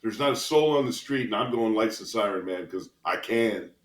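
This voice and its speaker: A man's voice: fairly low pitch, moderate pace. A man in his sixties, a retired police officer, telling vivid stories as a guest in a podcast interview, chuckling as he goes. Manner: lively anecdotal storyteller, chuckles between lines. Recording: roomy echo.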